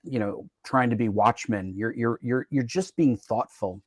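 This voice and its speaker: A man hosting a casual interview, speaking in a measured, thoughtful way with small hesitations, over a video call. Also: medium pitch, no room sound. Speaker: host.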